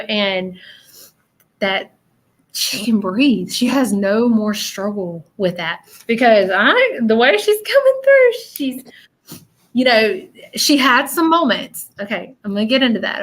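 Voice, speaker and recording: A woman hosting a live-stream spirit reading, earnest and halting, repeating phrases and close to tears. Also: mid-range voice, a bit bright. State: emotional, near tears. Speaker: psychic medium host.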